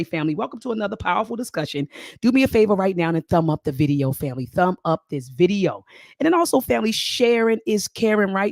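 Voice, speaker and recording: A middle-aged woman hosting a live-stream commentary show, talking to her viewers as family, lively and repeating her phrases. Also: low voice, no room sound, studio quality. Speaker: host.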